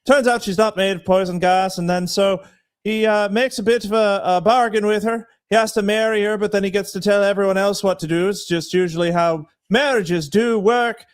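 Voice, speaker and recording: A man's voice: on the high side, extremely slow, vocal fry, pauses often, full character voice. A man putting on a hammy Irish-accented storyteller voice that keeps slipping while he recaps a story. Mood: mock storytelling.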